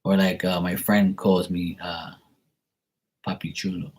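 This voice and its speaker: A man's voice: deep voice, little pitch movement, unhurried, darkish tone, slightly rough. A man from Bermuda with a Bermudian accent, rambling chattily in a casual vlog as he answers viewer questions. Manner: chatty, digressive, mimics other people's voices in quotes.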